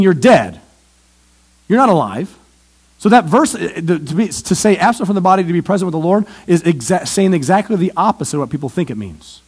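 Animated high-voiced male preacher. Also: slightly rough. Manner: animated, questioning the audience. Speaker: pastor. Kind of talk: sermon. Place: church.

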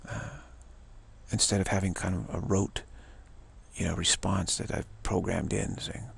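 A man's voice: low-pitched, steady tone, measured pace, vocal fry, slightly rough. A man giving an informal spiritual talk as a teacher, rambling and full of "you know" fillers. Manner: rambling, frequent 'you know' fillers.

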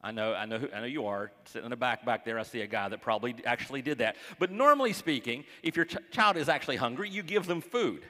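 A man preaching to his congregation in a casual, folksy way, tossing in jokes and little acted-out voices that sometimes drop to a hush. His pitch sits in an ordinary middle range. The sound carries the long reverb of a church sanctuary. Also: lively intonation, fast, few pauses. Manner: folksy, joking asides to the congregation; acts out quoted voices, dropping to hushed tones. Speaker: pastor. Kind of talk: conversational sermon.

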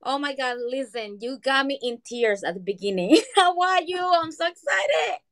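A woman's voice: sits high, lively intonation, normal speed, a bit bright. A woman speaking in a heartfelt, emotional, grateful way to an online audio room.

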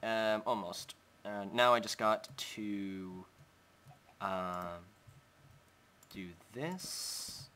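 A young gaming host talking slowly with a bright, forward tone. He narrates his Minecraft building step by step and chats to his pet. A faint hum sits under his desk mic. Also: lowish voice. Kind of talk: casual Minecraft let's play commentary.

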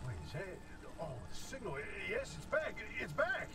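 An urgent zone scientist on radio. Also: male voice, very high-pitched, wildly swooping pitch, full character voice. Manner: hurried, earnest warnings. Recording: game audio with clear background noise.

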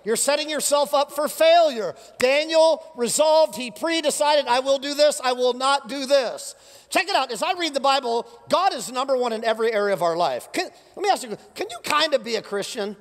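A man preaching an energetic, joking sermon to a congregation, his voice worn thin from preaching many services, swinging between loud jabs and quiet asides. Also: extremely high pitch. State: losing his voice. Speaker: pastor. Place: church auditorium with live congregation. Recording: long hall reverb.

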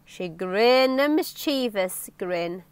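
A woman reading a children's storybook aloud in an expressive, playful way. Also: mid-range voice, slow pace, smooth, no room sound. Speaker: story reader.

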